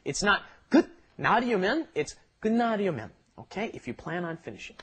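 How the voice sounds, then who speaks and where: Lively, quick-talking man teaching. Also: a little high. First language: English. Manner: chatty, lively, laughs while explaining. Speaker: co-host of a Korean lesson podcast. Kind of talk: explanatory language lesson chat.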